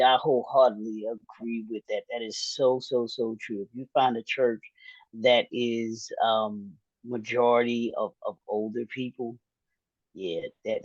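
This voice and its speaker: A man's voice: medium pitch, dry recording, lo-fi sound. A man hosting an interview, earnest and repeating himself for emphasis. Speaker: show host.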